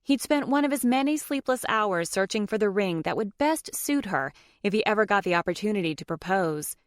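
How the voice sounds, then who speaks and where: A woman reads a romance audiobook in a measured, even storytelling voice at a middle pitch. The recording is close and bone dry, with no room around her. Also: no echo. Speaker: audiobook narrator. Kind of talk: scripted narration.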